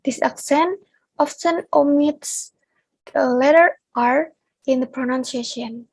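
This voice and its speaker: This young Indonesian woman, speaking with an Indonesian accent, reads a class presentation from a prepared script. Her voice sits high and is a little mellow, recorded dry and roughly.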